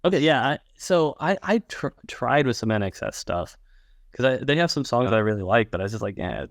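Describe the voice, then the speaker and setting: A man as a guest on a casual podcast chat, animated and sarcastic, often jumping up in pitch. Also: fairly quick, dry recording, clean studio sound.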